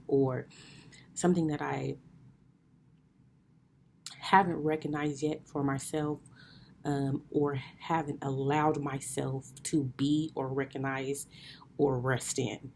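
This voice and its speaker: A woman with a low voice chats to her listeners and tells them a personal story. Her tone is mellow and unhurried, and she laughs often and calls her audience y'all. It sounds like a casual solo podcast episode. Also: fairly even intonation, vocal fry, a little hiss or hum. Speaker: podcast host.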